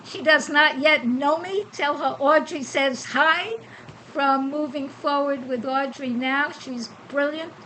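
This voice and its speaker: A high-pitched woman hosting a spiritual podcast, chatting freely and answering her own rhetorical questions. A faint noise hum sits under her voice. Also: slow, sharp tone, rough recording. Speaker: podcast host. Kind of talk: casual spiritual podcast talk. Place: Costa Rica.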